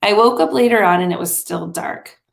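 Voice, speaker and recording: A woman teacher calmly reading a children's novel aloud, measured and steady, in a roomy recording. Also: medium pitch, creaky. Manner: calm, measured read-aloud. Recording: roomy echo.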